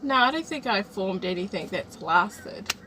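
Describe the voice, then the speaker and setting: A young woman, talking hesitantly and softly in a casual chat with her partner. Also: mid-range voice, big pitch swings, a little slow, noisy background. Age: young adult. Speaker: co-host, partner.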